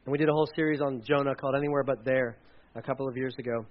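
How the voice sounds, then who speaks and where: A man's voice: medium pitch, very fast, muffled recording. A male pastor giving a sermon in a church, telling stories with animation and acting out quotes. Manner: animated storyteller, acts out quotes.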